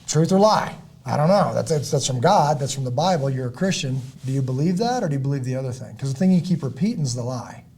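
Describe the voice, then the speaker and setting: A middle-aged man with a dark, husky voice talks on a podcast in a preachy, motivational way. He hammers his points by repeating them, swings from loud bursts to low, quiet endings, and keeps clearing his throat. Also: animated, fast, few pauses. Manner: emphatic, repetitive, builds to loud peaks then drops low. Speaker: podcast host and former Navy SEAL.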